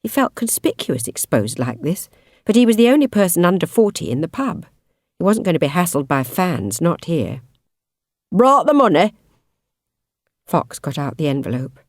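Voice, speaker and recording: A woman reading a novel aloud as an audiobook narrator, in expressive, measured storytelling. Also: deep voice, no echo, studio quality. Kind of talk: scripted narration.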